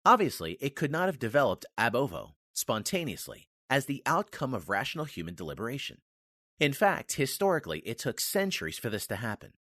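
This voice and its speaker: A man giving a formal, measured reading of a nonfiction history text, stressing key words. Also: medium pitch, big pitch swings, sharp tone, dry recording, studio quality. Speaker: reader of a history book.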